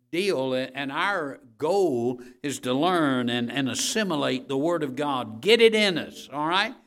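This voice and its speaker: A pastor preaching a conversational sermon, often checking in with the congregation and building to forceful emphasis. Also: male voice, on the high side.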